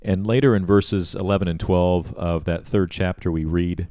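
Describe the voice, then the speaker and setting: A man's voice: deep voice, fairly even intonation, normal speed, few pauses, warm tone, no room sound, studio quality. A man hosting a church podcast, politely asking short questions and reading Bible verses aloud. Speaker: podcast host.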